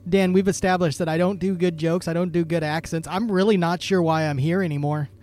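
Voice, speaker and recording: A man's voice: a little high, fairly even intonation, brisk, a little mellow, soft background music. A tipsy man co-hosting a podcast in casual chat, hesitant and self-deprecating. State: tipsy from drinking. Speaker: podcast co-host.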